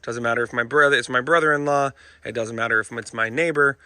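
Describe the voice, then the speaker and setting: A man's voice: mid-range voice, fast, sharp tone, no room sound. A man who trains dogs, talking to viewers in a chatty, emphatic way and often calling them "folks". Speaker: dog trainer. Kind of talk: casual instructional vlog.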